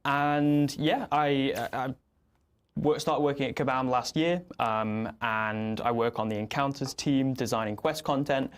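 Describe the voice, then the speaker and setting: Young male game-designer guest, relaxed casual chat, mid-range voice. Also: mid-range voice, a little slow, smooth. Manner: relaxed, with fillers and restarts.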